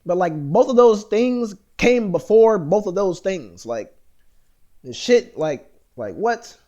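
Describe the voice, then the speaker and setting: A man's voice: sits high, lively intonation, takes it slowly, dark tone, highs cut off. An American man vlogging in a rambling, profane monologue, full of fillers and restarts. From United States.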